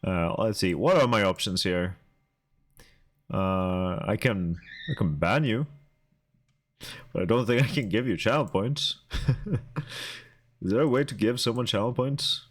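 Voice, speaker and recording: A young man streaming and chatting casually with his viewers, halting and talkative as he answers chat aloud. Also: lowish voice.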